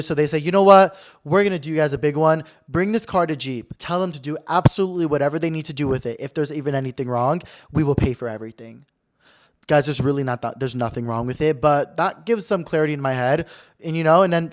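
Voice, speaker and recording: Chatty young man telling a story. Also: on the high side. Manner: chatty storytelling, swearing, acts out quotes. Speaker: podcast host. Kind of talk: casual chat. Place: apartment room.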